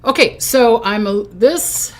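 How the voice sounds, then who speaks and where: A woman's voice: fairly high pitch, takes it slowly, a little mellow. An older woman hosting a casual psychic livestream from her recliner at home, chatty and hyper, often giggling. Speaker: psychic host.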